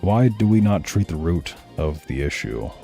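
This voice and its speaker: A man's voice: deep voice, big pitch swings, normal speed, vocal fry, dark tone. A man giving blunt, profane, heated commentary while reacting to videos, with faint music behind. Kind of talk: casual ranting commentary.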